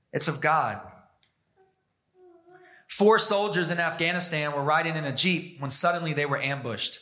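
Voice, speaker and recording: A man preaching a sermon as pastor, emphatic, pushing his pitch and pace up and down for emphasis. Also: pushed and bright.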